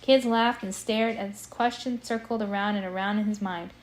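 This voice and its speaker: A woman reading a scary story aloud in a casual, expressive way, breaking off to chat. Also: medium pitch, normal speed, low-quality recording. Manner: chatty, expressive, breaks off to comment. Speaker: amateur audiobook reader. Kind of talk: casual read-aloud with commentary.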